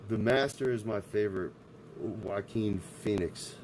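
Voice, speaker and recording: A man's voice: fairly low pitch, measured pace, background noise. A man streaming live, ranting in a profane, abrasive way. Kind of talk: casual livestream rant.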